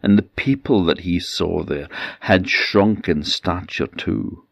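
An Orkney Scottish storyteller tells an old myth in a gentle cadence that repeats itself. His voice is deep and gravelly, and he takes his time. The sound is close and dry. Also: slow, dry recording. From Orkney Islands, Scotland. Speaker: traditional storyteller. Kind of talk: oral folktale storytelling.

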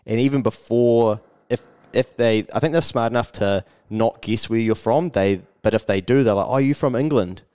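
A man's voice: fairly low pitch, normal speed, hardly any pauses, dark tone, clear, resonant tone, no echo, studio quality. Chatty New Zealand man telling stories. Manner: storytelling, acting out quotes, frequent mate and fillers. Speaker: podcast host. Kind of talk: casual chat.

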